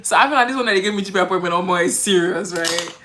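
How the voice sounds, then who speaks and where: A woman's voice: lowish voice, rapid-fire, background noise. A woman, chatting animatedly while doing her makeup on a livestream, full of quoted voices and laughter. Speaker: beauty livestream host.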